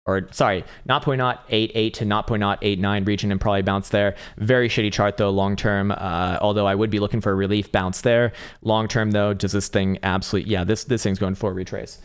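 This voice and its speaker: A man hosting a live trading stream, giving blunt, casual chart commentary full of swearing and laughter. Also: on the low side. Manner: blunt, profane, laughs between points. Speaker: livestream trading host.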